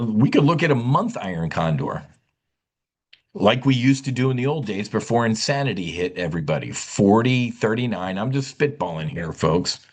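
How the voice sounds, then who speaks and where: A man hosting a live options trading webinar, animated and blunt, scolding and repeating himself as he talks through trades. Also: medium pitch.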